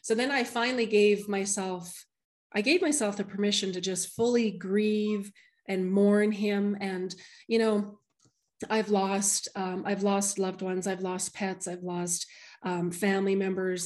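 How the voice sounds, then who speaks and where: A woman's voice: mid-range voice, flat delivery, a little slow, darkish tone. Emotional woman telling a personal story. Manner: emotional, heartfelt storytelling with many restarts. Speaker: medium.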